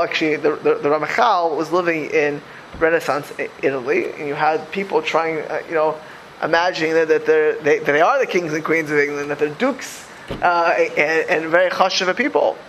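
A man teaching a Torah class, animated, with many restarts and repeated words. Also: a little high, a little hiss or hum, low-quality recording. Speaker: religious teacher.

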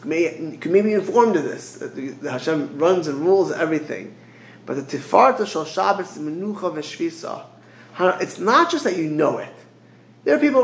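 A man's voice: a little high, lively intonation, moderate pace, echoey room, slight background noise, rough recording. A man teaching as a rabbi in a Torah lecture, mixing Hebrew phrases into English and often repeating words as he searches for the next one.

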